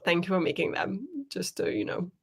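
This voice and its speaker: A woman's voice: fairly low pitch, steady tone, fairly quick, slightly rough. A woman co-hosting a live writing stream over a video call, chatting casually, laughing often and reading comments aloud. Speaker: co-host of writing sprint stream. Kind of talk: casual chat.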